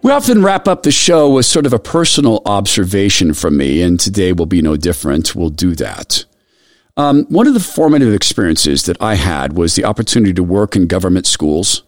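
A middle-aged male radio host with a low voice that swings widely in pitch. He talks earnestly, telling a personal story in a hushed, caring way. The sound is close and dry, with no room around it. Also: sing-song, fairly quick, no room sound, soft background music. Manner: earnest, soft storytelling that drops quiet when moved.

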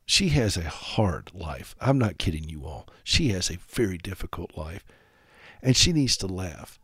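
Man, radio host, from south carolina, animated, joking, dry close studio sound. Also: low voice, a little slow, slightly rough, no echo. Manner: animated, sarcastic humor, direct address to listeners. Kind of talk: radio talk monologue.

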